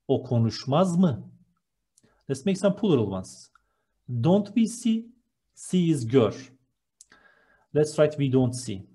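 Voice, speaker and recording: Slow, husky-voiced teacher. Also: male voice, mid-range voice, mellow. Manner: patient, explains each step while writing. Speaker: language teacher. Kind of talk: slow step-by-step grammar lesson.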